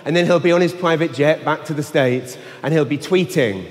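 This is an English stand-up comedian with a London accent, his voice on the high side and his delivery brisk. He performs a crude, brash set live in a large arena with a handheld mic, and the audio has long reverb plus a faint hum.

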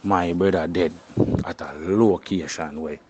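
A man's voice: deep voice, steady tone, measured pace, darkish tone, lo-fi sound, a little hiss or hum. A young Jamaican man speaking in patois in a casual interview, tagging his phrases with "you see me" and "you know".

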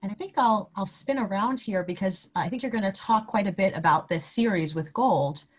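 A woman's voice: medium pitch, moderate pace. A woman hosting a live interview, giving brief, encouraging prompts to her guest. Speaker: interview host.

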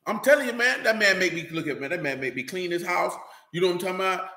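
A man preaching an animated sermon in loose, street-style talk, often asking "you know what I'm talking about". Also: sits high, fast, echoey room.

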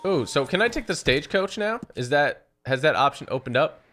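A young man giving chatty, excitable commentary while he plays a video game, often talking to his horse. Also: on the high side, fairly quick, slight background noise. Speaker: gaming YouTuber. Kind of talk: let's play commentary.

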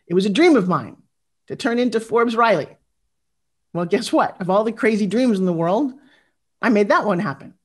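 A woman in her fifties delivers a motivational speech with lively, confessional energy. She speaks directly to her listeners, coaxing them to answer back, at an ordinary middle pitch for a woman. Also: moderate pace, long pauses, husky. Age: 50s. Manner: animated, confessional, talks straight to the audience.

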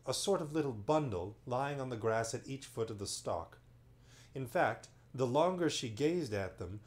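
Expressive man reading a bedtime story. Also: medium pitch. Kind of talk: reading a children's novel aloud on a livestream.

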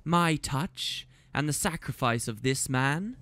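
A man reading aloud, slowing and hushing his voice to play a cruel, mocking woman in a storybook scene. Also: medium pitch, expressive. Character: cruel seductive woman Faolain, cold and mocking.

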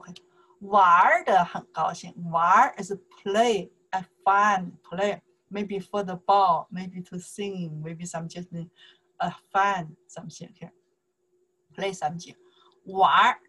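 A woman's voice: mid-range voice, bright, forceful tone. A woman with a Mandarin Chinese accent teaching a language lesson in English, patiently repeating phrases and checking in with "okay?".

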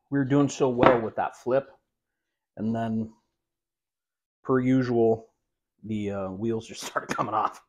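Joking man hosting a cooking vlog. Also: medium pitch. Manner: joking, self-mocking asides while cooking. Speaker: cooking show host. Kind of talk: casual cooking vlog chat. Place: home kitchen.

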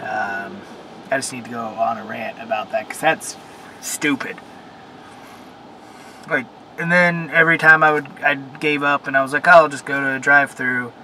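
Young man, casual vlog rant, swearing, rambling fillers, middle pitch, in a car, air conditioning and traffic noise. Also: flat delivery, normal speed, pauses often, bright, forceful tone, poor audio. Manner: frustrated, cursing, rambling with fillers. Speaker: vlogger. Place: in a car at a car wash.

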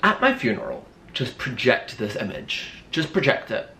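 A man's voice: mid-range voice, big pitch swings, moderate pace, bright, forceful tone, a little hiss or hum. A young man with a British accent giving camp, sassy, theatrical reaction commentary, breaking into squeals. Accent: British English. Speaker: YouTube commentator. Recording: echoey room with faint music behind.

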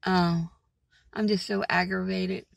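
A woman's voice: on the low side, flat delivery, slow pace, vocal fry, no echo, low-quality recording. A woman vlogger from Maryland rambling in a casual, agitated and exasperated way about her day. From Maryland, USA.

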